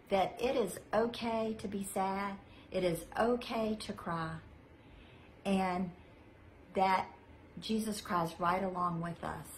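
Slow, gentle woman telling children a Bible story. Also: medium pitch, slight background noise, poor audio. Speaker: children's minister. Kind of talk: children's message.

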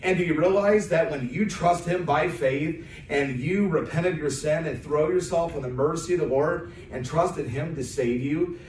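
An American man preaching a sermon as an evangelist, praying and then building to emphatic, rising lines. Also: a little high. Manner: preaching with emphatic rises, pausing on fillers. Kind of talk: sermon with prayer. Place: church sanctuary. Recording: distant roomy church sound.

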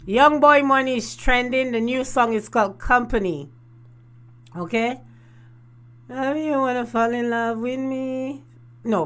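A woman's voice: medium pitch, a bit bright. A woman, hosting a casual storytelling vlog and laughing often. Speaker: host.

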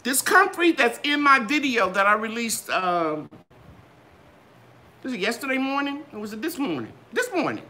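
An older woman hosting a gardening channel, chatting in a live Q and A with a lively, sing-song delivery. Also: normal speed, a little hiss or hum. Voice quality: bright, trained singer's voice. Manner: animated, sing-song ups and downs in pitch. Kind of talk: live Q and A chat.

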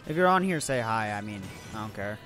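A man's voice: lowish voice, lively intonation, fairly quick, fairly bright tone. A young man streaming a video game, chatting casually with viewers, playfully salty and laughing often. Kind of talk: casual live game commentary. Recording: faint background music.

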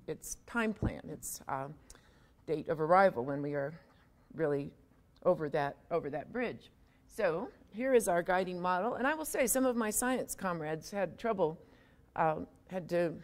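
A woman giving a public university lecture in a conversational way, with wry, self-deprecating humor and frequent asides. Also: on the low side.

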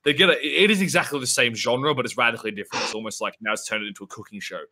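Excitable, bright-voiced man. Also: medium pitch, racing. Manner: excitable, swears a lot, rambling. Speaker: podcast co-host. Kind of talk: casual chat.

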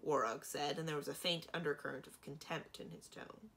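A woman librarian giving an expressive children's book read-aloud. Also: low voice, a little fast. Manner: expressive, animated reading.

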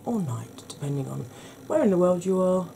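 Husky, soft-spoken woman, low and gravelly. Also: big pitch swings, moderate pace, background noise. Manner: chatty, gentle, talks straight to viewers. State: husky, croaky voice from a sore throat. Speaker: makeup tutorial host. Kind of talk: soft-spoken ASMR makeup tutorial.

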